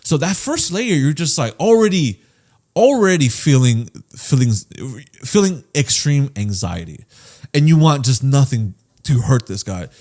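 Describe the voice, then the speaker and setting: Podcast dude, casual chat, lively up-and-down voice, cusses a lot. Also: male voice, medium pitch, measured pace. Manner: animated, profane, acts out quoted voices. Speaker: podcast co-host.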